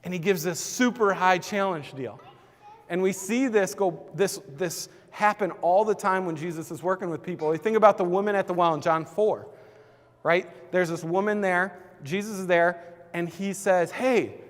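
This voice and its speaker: Man, high-pitched voice, casual church training talk, conversational, lots of filler words, long hall reverb. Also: normal speed. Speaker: church team leader.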